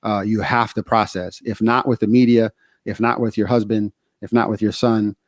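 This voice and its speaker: A man's voice: on the low side, little pitch movement, moderate pace, no echo, clean studio sound. A middle-aged man from the United States co-hosting a podcast, telling candid stories with lots of fillers. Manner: candid storytelling with many fillers. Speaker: podcast co-host. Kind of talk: casual podcast talk.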